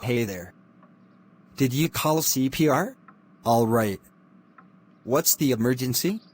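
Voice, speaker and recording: A man's voice: medium pitch, expressive, slow, darkish tone, breathy edge. A man playing an exasperated male emergency doctor who rants at being called. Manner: exasperated, ranting.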